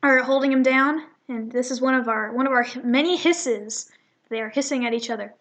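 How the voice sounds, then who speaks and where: Young woman reading a comic aloud all casual, high bright voice, trips over words a lot. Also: a little fast. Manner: chatty, stumbling over words, self-correcting. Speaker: reader of a fan comic.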